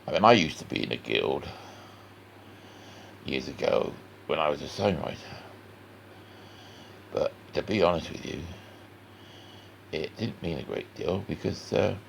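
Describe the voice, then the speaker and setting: A man with a West Country accent talks through a drawing lesson in a deep, heavily gravelly voice. He rambles in a folksy way and speaks straight to the viewer. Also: sing-song, normal speed, pauses often, fairly bright tone, slight background noise. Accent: West Country English. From West Country of England. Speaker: cartoon artist. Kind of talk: chatty drawing tutorial.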